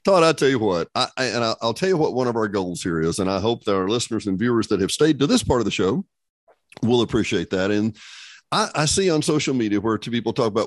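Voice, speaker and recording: A man's voice: lowish voice, expressive, quick pace, no room sound. A man hosting a casual interview in a folksy, chatty way, often repeating and restarting his phrases. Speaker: show host.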